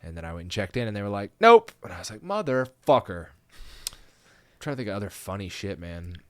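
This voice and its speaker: A young man, a comedian guest, telling rambling, profane stories in a casual podcast chat and loudly acting out the voices he quotes. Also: sits low, very fast, dry recording.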